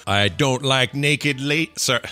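A man's voice: medium pitch, a little slow, sharp tone. A man reading odd phrases aloud in casual comedic chat, tripping over words and laughing.

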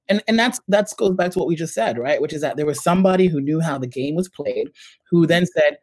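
A man's voice: on the high side, quick pace, no room sound, rough recording. A middle-aged man with a New York accent, a startup CEO and guest, telling stories in casual conversation and acting out what others said. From United States. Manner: animated storyteller, acts out quoted voices.

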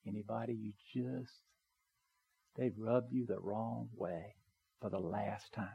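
A man preaching a sermon in a church, earnest and conversational, building to emphatic pleas and dropping to soft, quiet appeals. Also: lowish voice, fairly even intonation, slow, creaky, slightly rough, highs cut off. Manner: conversational with small asides. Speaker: pastor. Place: church sanctuary, also live streamed.

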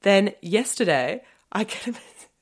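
A young woman co-hosting a podcast, chatting casually and telling an animated story full of "like" and asides. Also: mid-range voice, a little slow. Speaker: podcast co-host. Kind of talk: casual chat.

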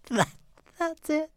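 A man voicing Kirsty, a lustful young woman, in a breathy whispered role-play.

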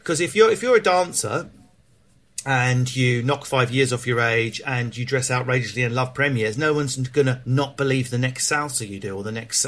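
A man's voice: mid-range voice, moderate pace. Frank, swearing Cockney man. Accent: London Cockney. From England. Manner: frank, animated, swears freely, lots of restarts. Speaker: stand-up comedian, guest. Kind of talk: candid interview chat.

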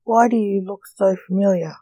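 A woman voicing a calm voice from a drone. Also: medium pitch, normal speed, dry recording, natural voice. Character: voice speaking through a drone, calm.

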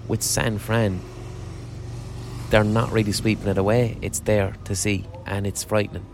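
Male podcast host, lowish voice, loose sweary street-corner monologue, faint city hum behind. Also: little pitch movement, a little slow, gravelly. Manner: rambling, sweary, frequent restarts. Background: faint street ambience.

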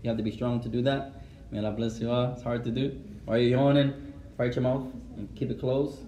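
A man teaching a mosque lesson and answering questions, mixing Arabic phrases into his English, in a gently instructive way. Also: mid-range voice, level tone, brisk, a little hiss or hum. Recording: roomy echo, voice from far off.

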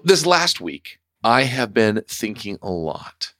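A man's voice: lowish voice, sing-song, slow pace, few pauses, bright, forceful tone, dry recording, studio quality. A man hosting his own podcast, telling a personal story in a reflective, conversational way. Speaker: podcast host. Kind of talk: solo podcast monologue.

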